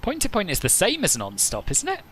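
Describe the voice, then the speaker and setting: A man's voice: sits high, huge pitch swings, a little fast, fairly bright tone, a little hiss or hum. A man hosting a flight simulator live stream, chatting casually, answering viewers' comments and laughing often.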